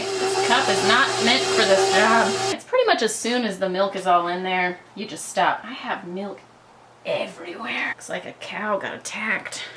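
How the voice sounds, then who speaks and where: A woman's voice: medium pitch, lively intonation, normal speed, echoey room, background noise. A young woman hosting a casual home cooking video, playful and jokey with chatty asides as she bakes in her kitchen.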